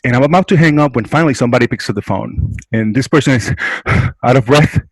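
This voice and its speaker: A man's voice: mid-range voice, fast talker, slightly rough, dry recording, poor audio. Earnest man, mid-range voice, dry close recording, interview explanation. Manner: earnest, adds "right?" and "um" often. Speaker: hospice care representative. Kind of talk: interview explaining and telling a story.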